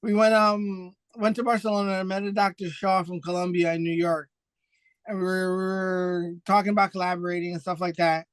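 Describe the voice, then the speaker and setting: A man chatting as an interview guest, telling stories in an animated way, often restarting his sentences and acting out what others said. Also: high voice, clear, resonant tone, dry recording. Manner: animated storyteller, acts out quoted voices; quick and excitable, restarts often. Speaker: podcast guest, foundation founder. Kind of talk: casual interview chat.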